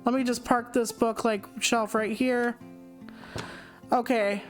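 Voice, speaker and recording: High-pitched lady in her 40s playing a cozy game, jokey and chatty. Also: moderate pace, faint music behind. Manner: goofy, self-mocking, chatty. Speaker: gaming channel host. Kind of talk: casual let's play commentary.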